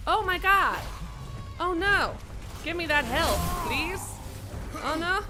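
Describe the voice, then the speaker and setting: A woman streamer giving live gameplay commentary, excitable and swearing freely as she reacts loudly. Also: extremely high pitch, slow, long pauses. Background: game music.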